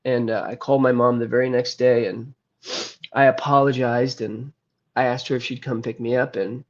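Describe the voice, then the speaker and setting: Earnest halting man telling his story. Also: medium pitch, little pitch movement. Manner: earnest, halting, with frequent trailing pauses. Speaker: guest recounting his addiction and recovery. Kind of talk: candid personal storytelling. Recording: slightly muffled lo-fi audio.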